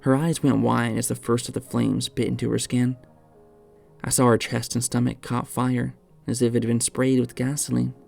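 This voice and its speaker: A man narrates a creepy first-person horror tale in a measured, dramatic way. His voice is deeply gravelly with strong vocal fry and a dark, mellow tone. Faint music sits underneath. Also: level tone.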